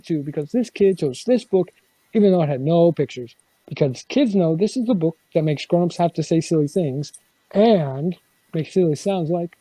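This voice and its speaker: Lady with a warm lowish voice reading a goofy kids book out loud, mock protesting, dry close mic. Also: no echo, rough recording. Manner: animated, mock-protesting read-aloud with silly sounds. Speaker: player reading a bedtime story. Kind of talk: reading a children's book aloud.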